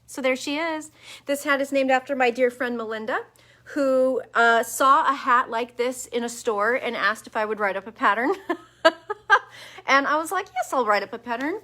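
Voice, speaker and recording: A woman hosts a relaxed live chat from her yarn shop, talking to a webcam. She is chatty and enthusiastic, full of little fillers, and her voice has a bright, clear edge. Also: high voice, moderate pace. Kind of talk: casual live-stream chat.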